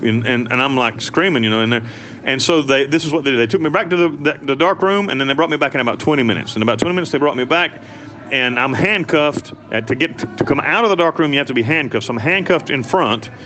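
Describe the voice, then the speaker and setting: A man's voice: medium pitch, quick pace, fairly bright tone. Blunt, profane American man telling his story. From United States. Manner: blunt and profane, rambling with restarts. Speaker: interview guest. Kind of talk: candid storytelling.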